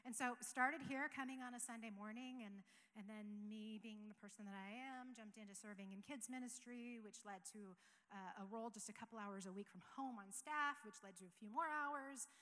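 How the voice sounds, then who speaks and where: Woman pastor, forties, earnest testimony, slightly high voice, long church reverb. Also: moderate pace. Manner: earnest, conversational, with soft laughs. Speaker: operations pastor. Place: church sanctuary.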